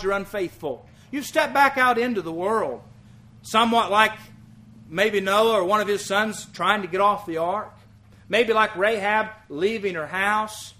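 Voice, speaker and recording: A male preacher delivers a sermon in a high, ringing voice. He is earnest and emphatic and drives his points home by repeating them. His tone has a bright, pressing edge. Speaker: visiting preacher.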